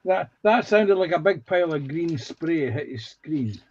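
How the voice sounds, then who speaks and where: A man's voice: fairly high pitch, expressive, a little slow, lo-fi sound. Dry-humored man over crowd noise. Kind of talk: casual chat.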